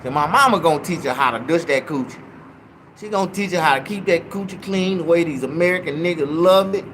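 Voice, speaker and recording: A man telling a profane, comedic story in an animated, loud way. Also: on the high side, a little fast, slight background noise.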